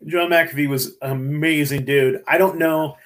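A man talking in a casual, profane, excitable way on a podcast, telling stories with lots of swearing. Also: on the high side, moderate pace. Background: baby crying in another room.

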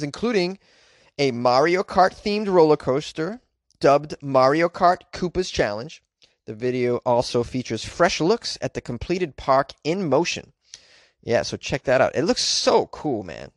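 A man riffs on news headlines with sarcastic, animated commentary. He has a mid-range voice and often breaks into laughter. The sound is dry and close, with no room echo. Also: medium pitch. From United States.

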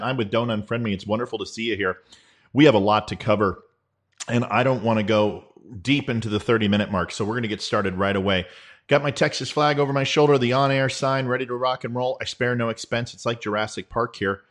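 A man hosting a casual politics show in a folksy, joking manner. His speech is mid-pitched and lightly animated, and it sounds like a desk mic in a small room. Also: a little fast. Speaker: host.

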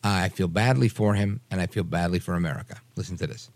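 A man's voice: sits low, quick pace, creaky, darkish tone, no room sound. A man hosting a radio talk show, giving emphatic, opinionated political commentary and repeating phrases for emphasis.

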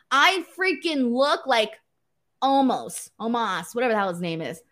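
A young woman hosting a wrestling post-show, chatting casually and reading viewer comments, excitable and laughing often. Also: on the high side. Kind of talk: casual solo commentary reading live chat.

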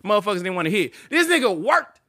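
Animated, ranting male podcast co-host. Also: high-pitched, fast talker, no room sound, studio quality. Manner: animated, profane ranting with frequent laughter. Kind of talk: casual podcast chat.

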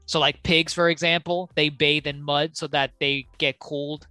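A man with a bright, forceful voice chats casually on a podcast, talking in loops full of "like" and restarts. The mic sits close in a dry room, and faint music plays under him. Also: a little high, flat delivery, moderate pace, clean tone, no room sound. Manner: rambling, many fillers and restarts. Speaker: podcast co-host. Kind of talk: casual chat.

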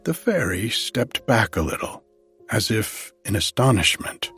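A man calmly reading a fairy tale aloud as a bedtime story. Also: on the low side, soft background music. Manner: calm, measured.

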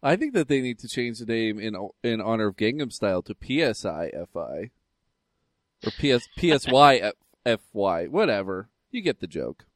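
Lively joking man co-hosting a podcast. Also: lowish voice, normal speed, no echo, studio quality. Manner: rambling, joking, many fillers. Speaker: podcast co-host. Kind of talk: casual podcast chat.

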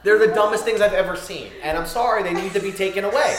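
A man's voice: sits high, fast talker, reverberant, background noise. A man ranting in casual podcast chat, exasperated and often laughing as he talks. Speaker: comedian on tour.

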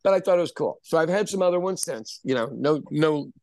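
A man's voice: a little high, expressive, brisk, a little mellow, no room sound. A man, a chef, telling candid, self-deprecating stories in a casual podcast chat. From Kansas City area, USA.

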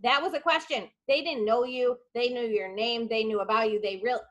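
Higher-voiced young woman chatting. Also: moderate pace, a bit bright, muffled recording. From upstate New York. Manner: emphatic, rambling, fond of "like". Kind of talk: casual chat among friends.

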